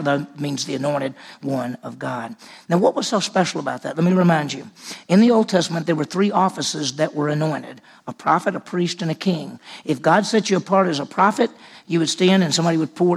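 A man's voice: a little high, vocal fry. A man teaching a Bible study lesson in a conversational way, repeating words for emphasis.

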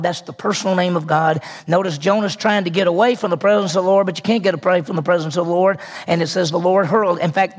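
Male pastor, husky and raspy tone, sermon storytelling. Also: sits high. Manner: storytelling with acted-out voices, rhetorical questions.

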